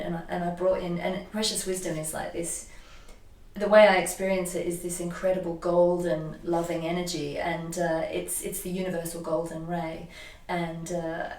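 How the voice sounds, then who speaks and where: Animated woman telling a story in an echoey room. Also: lowish voice, recorded from a distance. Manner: animated, emotional storyteller, frequent restarts. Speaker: guest, energy healer. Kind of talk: casual conversation, personal storytelling.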